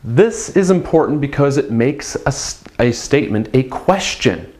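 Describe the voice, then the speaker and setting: A man teaching a beginner language lesson, patiently explaining and repeating phrases slowly for practice. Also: medium pitch, expressive, a little mellow.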